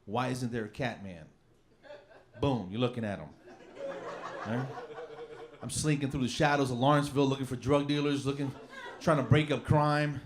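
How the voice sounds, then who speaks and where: A man's voice: medium pitch, moderate pace, pauses often, crowd noise. A man doing a rambling, self-mocking stand-up set on a comedy club stage with a handheld mic. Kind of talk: stand-up routine.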